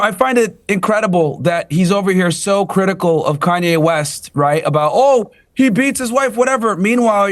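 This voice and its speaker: Angry high-voiced man, swearing. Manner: angry, combative, profane. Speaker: panel guest. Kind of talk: heated televised panel debate.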